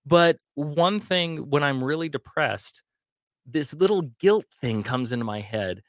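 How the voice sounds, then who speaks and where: A man in his forties hosts the podcast in a lively, swooping voice, joking and stumbling over his words. The sound is close and dry, with no room around it. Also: on the high side, a little slow, no room sound. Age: 40s. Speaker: podcast host. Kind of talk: conversational interview.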